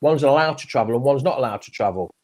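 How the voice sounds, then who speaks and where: Hosting a live football fan chat show, this man talks quickly and with animation in a medium-pitched, slightly mellow voice. His manner is friendly and conversational, and he keeps ending his comments with tag questions.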